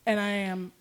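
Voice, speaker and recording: A young woman co-hosting a podcast, telling a story in casual chat and acting out panicked shouts. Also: mid-range voice. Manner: animated, acts out panicked shouts. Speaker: podcast co-host.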